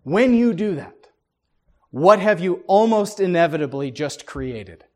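A man's voice: high voice, animated, unhurried, warm tone. A man preaching a sermon, emphatic, with many rhetorical questions and stammering restarts. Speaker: pastor.

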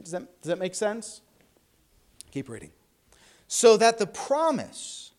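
A man teaching a Bible class, emphatic and stopping often to check that listeners follow. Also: very high voice. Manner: emphatic, frequent "right?" check-ins; stumbles and restarts, then slows for emphasis.

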